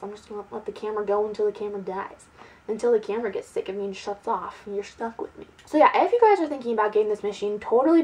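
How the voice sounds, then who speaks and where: A woman's voice: medium pitch, rough recording. A young woman chatting casually to her camera as a beauty vlogger, giggly and peppered with "like". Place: at home, sitting indoors.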